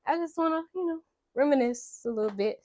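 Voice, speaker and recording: A woman's voice: high-pitched, expressive, a little fast, a little mellow, dry recording. A woman voicing a young male actor who talks in a hesitant, evasive, casual way. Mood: offhand. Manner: hesitant, brushing someone off.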